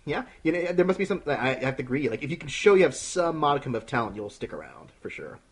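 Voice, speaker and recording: A man hosts a casual film podcast with a husky edge to his voice. His pitch swings a lot as he rambles through the agenda, and he breaks into laughter often. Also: sing-song, fast. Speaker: podcast host. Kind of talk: casual chat.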